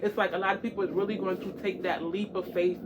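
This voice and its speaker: A woman chats to her camera as a tarot reader, her voice sitting at a middling pitch. She talks in an encouraging, rambling way, repeating herself and leaning on fillers. A faint hiss runs underneath. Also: fairly even intonation, fast. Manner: encouraging, repetitive, chatty with many fillers. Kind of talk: casual chat to camera.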